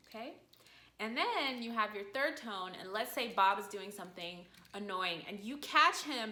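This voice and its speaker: A woman teaching a video lesson in an animated way, her voice swooping up high when she acts out calling a dog. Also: moderate pace. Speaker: language teacher. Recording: echoey room.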